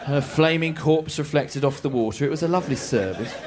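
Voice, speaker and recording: A man doing a stand-up routine, animated and self-mocking with deadpan asides. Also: a little high, a little fast, heavy background noise. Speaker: stand-up comedian.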